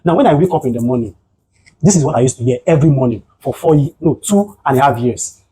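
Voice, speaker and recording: A man with a Nigerian accent speaks to a gathered group as a psychotherapist. His voice is mellow and a little husky, and he builds his points through personal stories and rhetorical questions. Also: medium pitch, quick pace, poor audio. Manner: animated storytelling, rhetorical questions. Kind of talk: motivational talk to a group.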